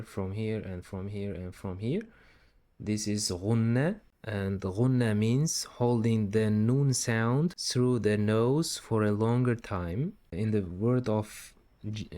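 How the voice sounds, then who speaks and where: A man's voice: lowish voice, warm tone. A man teaching Quran recitation step by step, patiently repeating syllables and drawing out the recited words. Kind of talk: step-by-step tajweed lesson.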